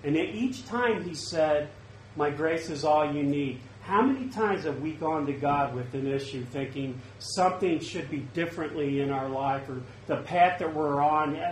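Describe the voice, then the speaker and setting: A man's voice: on the high side, a little slow, slight background noise. A man preaching an earnest, conversational sermon at a church service. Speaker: pastor. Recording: roomy, faint ambience.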